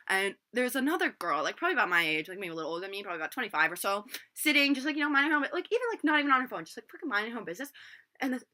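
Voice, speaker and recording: A woman in her twenties rattles through a storytime vlog at high speed. She curses freely and leans on filler words. Her voice is bright and sits a little high, caught on a laptop's built-in mic. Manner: rambling, swears a lot, constant filler words. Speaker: vlogger.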